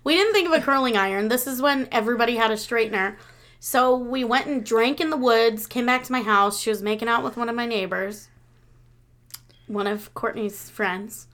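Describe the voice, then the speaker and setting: Woman in her thirties, co-host, high-ish voice, chatty storyteller who laughs through her anecdotes. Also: normal speed. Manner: laughs through stories, animated when quoting. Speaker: podcast co-host. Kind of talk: casual chat, storytelling.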